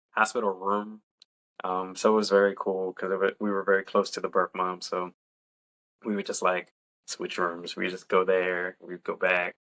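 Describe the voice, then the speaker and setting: A relaxed young man chats through a personal story on a podcast, laughing now and then. His voice sits low and has a gravelly edge. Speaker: podcast co-host. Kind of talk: casual storytelling.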